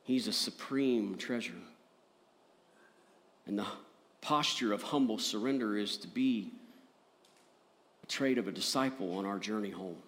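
A man preaching a sermon as pastor, earnest, rising to emphatic peaks and dropping soft. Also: lowish voice, measured pace, long pauses.

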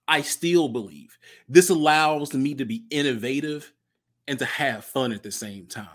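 Man, podcast host, motivational, upbeat, repeats phrases for emphasis, mid-pitched voice. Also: moderate pace, fairly bright tone. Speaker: podcast host and nonprofit founder. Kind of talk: solo podcast monologue.

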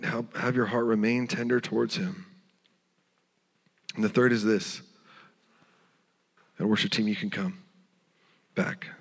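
Earnest male pastor preaching in a reverberant hall. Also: on the low side. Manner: earnest, tender preaching with soft hushed moments. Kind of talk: sermon. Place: church sanctuary.

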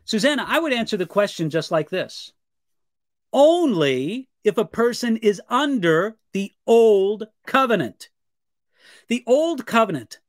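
Male pastor, high voice, dry close sound, earnest live Q&A teaching. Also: no room sound. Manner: earnest, measured, reads viewer questions aloud.

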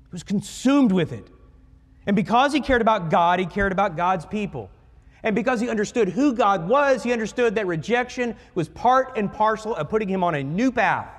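A male pastor preaches in a big church hall, his voice riding up and down with animated energy. He sits slightly high for a man and explains scripture in a conversational way, acting out little dialogues. Long reverb trails after his phrases. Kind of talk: sermon.

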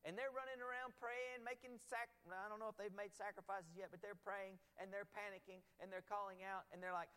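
A man preaching a sermon to his congregation in an emphatic, animated way. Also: high-pitched, fairly quick, few pauses, clean tone. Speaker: pastor. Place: church sanctuary. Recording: long church-hall reverb.

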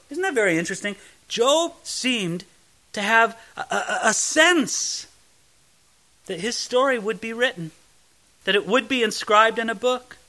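A man teaching through a Bible book like a pastor, reading verses aloud with feeling and often stumbling over his first words. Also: very high voice. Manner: animated, reads scripture aloud with feeling, acts out Job's pleas; stammers on starting words.

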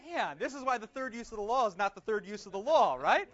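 A male pastor leads a Bible class with a high, lively voice. He keeps putting questions to the group and answering them himself. He slows down for readings, and the recording sounds dull and lo-fi. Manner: slows down to read prayers aloud.

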